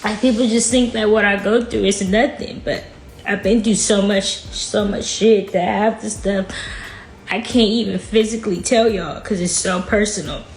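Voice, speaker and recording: A woman's voice: mid-range voice, fairly even intonation, normal speed. Frank woman telling a hard story. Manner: casual, frank, fills speech with "like". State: emotional, near tears at times. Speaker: guest. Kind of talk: candid personal storytelling. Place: podcast studio. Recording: echoey room with faint music.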